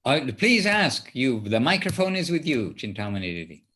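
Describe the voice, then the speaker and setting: A man leading a spiritual class, answering a question in a gentle, reassuring way with many pauses. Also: mid-range voice, sing-song, breathy edge. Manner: soft-spoken, reassuring, hesitant with fillers. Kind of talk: gentle explanatory teaching.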